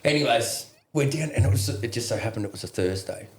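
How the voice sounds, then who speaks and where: An Australian man, a veteran guest, telling a war story in a profane, laughing, animated way. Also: mid-range voice, fast, echoey room. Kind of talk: casual storytelling.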